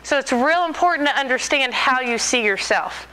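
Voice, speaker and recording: A woman in her forties telling stories to an audience, animated and joking, laughing often. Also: high-pitched, moderate pace, clear, resonant tone, low-quality recording. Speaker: speaker. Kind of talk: storytelling talk to an audience.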